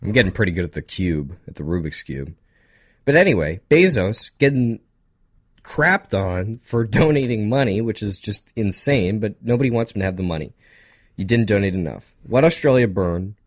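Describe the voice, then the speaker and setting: A young man co-hosting a casual podcast, rambling through topics with quick asides, laughs and a slightly nasal voice. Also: fairly low pitch, lively intonation, slightly rough, dry recording, clean studio sound. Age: young adult. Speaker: podcast co-host. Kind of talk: casual chat.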